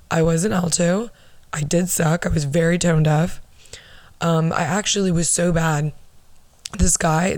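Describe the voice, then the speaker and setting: A young woman hosting a podcast, telling stories in a casual, rambling way. Her voice is soft and low like an alto and is worn from losing it. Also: dry recording. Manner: chatty, rambling with asides and laughs. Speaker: podcast host. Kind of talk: casual solo podcast storytelling.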